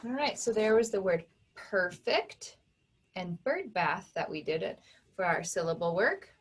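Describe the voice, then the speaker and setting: Slow, careful woman phonics teacher. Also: medium pitch, big pitch swings, slight background noise. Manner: slow, clearly enunciated, sounding out words for children. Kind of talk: online phonics lesson.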